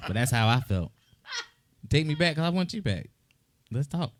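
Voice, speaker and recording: A middle-aged man co-hosts a podcast, his voice sitting on the high side at a normal pace, with a slight background noise. In casual chat he tells stories animatedly, acting out the voices of the people in them and laughing often.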